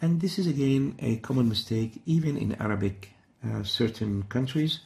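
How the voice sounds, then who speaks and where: A middle-aged man of medium pitch talks at normal speed, his voice gravelly with a darkish tone. It's an instructional Quran recitation lesson, methodical, with example words repeated to demonstrate each sound.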